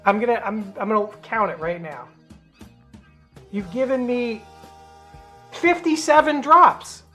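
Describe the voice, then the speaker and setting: A man's voice: extremely high pitch, a little slow, bright, forceful tone, faint music behind. Teasing male host, playful. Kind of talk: casual chat on a live show.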